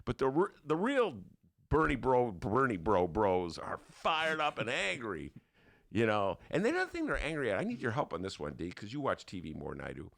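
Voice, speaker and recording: An older man, hosting a talk show, spins a comic monologue in a rough, gravelly voice. His pitch leaps up and down as he acts out the people in his stories. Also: moderate pace. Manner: animated storytelling with put-on voices. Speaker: podcast host. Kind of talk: casual comedic monologue.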